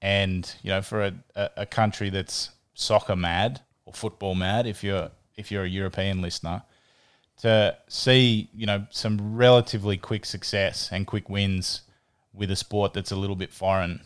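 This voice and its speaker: A man's voice: lowish voice, fairly even intonation, normal speed, smooth. A man co-hosting a sports podcast, chatting casually and often repeating words as he thinks. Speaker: podcast co-host.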